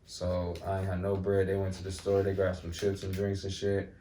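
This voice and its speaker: Telling relaxed, slang-filled stories as a guest in a casual conversation, this young Milwaukee, Wisconsin man keeps saying "you know what I'm saying." He speaks at a moderate pace in a low, warm monotone, captured on a distant mic with roomy echo and faint noise.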